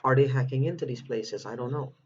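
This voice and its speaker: In an upset personal video, a vlogger pleads for help, agitated, repeating himself and cutting off mid-word. His medium-pitched voice is brisk, and the dull lo-fi audio carries slight background noise.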